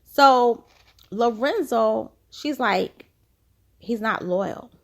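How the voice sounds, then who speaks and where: A woman's voice: fairly high pitch, very slow, creaky. A woman casually recapping a reality TV episode, retelling scenes through quoted lines and chatty personal asides.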